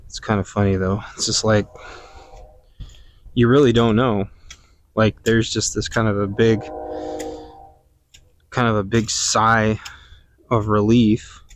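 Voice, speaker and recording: A man hosting a casual podcast, musing out loud while working outdoors in his orchard, meandering and sometimes hunting for words. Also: fairly low pitch, level tone, slow pace, long pauses. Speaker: podcast host. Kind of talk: casual rambling monologue.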